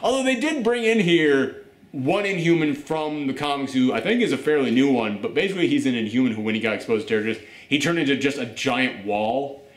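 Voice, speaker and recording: A man hosting a casual TV review who jokes and acts out scenes in little voices as he talks. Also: mid-range voice. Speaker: review show host. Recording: roomy echo.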